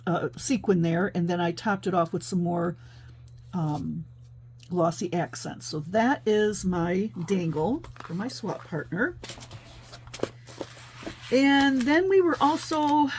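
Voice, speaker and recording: Crafty lady chatting thru her halloween swap goodies, lots of ums, faint hiss behind. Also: medium pitch. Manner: chatty, thinks aloud with many fillers. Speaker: paper crafting host. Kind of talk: casual craft show-and-tell.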